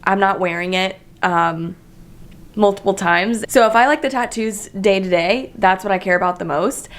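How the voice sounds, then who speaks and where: A woman in her twenties talking casually to camera in a vlog, chatty and excitable, swearing freely and leaning on filler words. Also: mid-range voice, normal speed. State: emotional, near tears. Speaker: vlogger.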